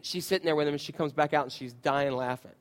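Male pastor, thirties, high voice, chatty storytelling sermon style. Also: fairly even intonation, fast talker, big-room sound. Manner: conversational, storytelling with voiced quotes. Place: church.

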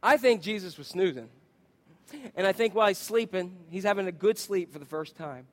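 A man preaching a sermon, telling stories with lively acted-out quotes and asking his listeners questions. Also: high voice, brisk. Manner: animated storytelling, acts out quotes, asks the congregation questions. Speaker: pastor.

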